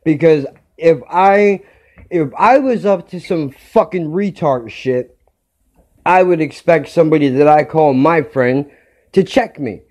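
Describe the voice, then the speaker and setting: A man's voice: on the high side, measured pace, darkish tone. A man hosting his own podcast, telling a story in a heated rant and swearing constantly. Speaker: podcast host.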